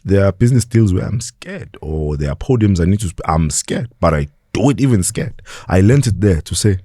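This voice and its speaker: Deep-voiced South African man telling a story. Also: fairly quick, no echo, clean studio sound. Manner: animated, acts out voices in his story. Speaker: podcast guest. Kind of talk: storytelling in an interview.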